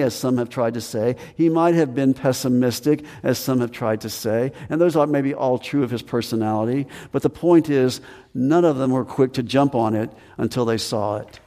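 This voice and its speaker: A man's voice: medium pitch, dark tone. Man preaching in a reverberant hall. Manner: acts out Thomas's lines with raised voice. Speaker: pastor. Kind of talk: sermon.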